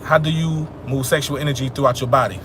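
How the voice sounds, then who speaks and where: A man's voice: medium pitch, steady tone, fast, fairly bright tone, slight background noise. A young man hosting a livestream, answering chat questions about spirituality in a loose, profane, streetwise manner, preaching emphatically.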